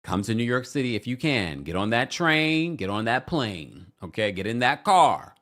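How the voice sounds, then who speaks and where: Gossipy, animated male recap vlogger. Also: moderate pace. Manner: animated, gossipy, jumps into high mocking voices when quoting. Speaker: reality TV recap host. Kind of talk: casual recap commentary.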